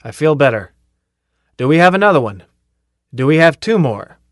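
A man's voice: mid-range voice, unhurried, clean tone, no echo, clean studio sound, close to an everyday voice. A man voicing a tough, cocky male drill sergeant who barks and taunts his recruits in an audiobook. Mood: taunting. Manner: barking, taunting commands.

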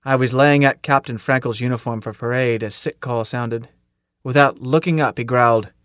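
Steady male audiobook narrator. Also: medium pitch, moderate pace, dry recording, clean studio sound. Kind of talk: first-person audiobook narration.

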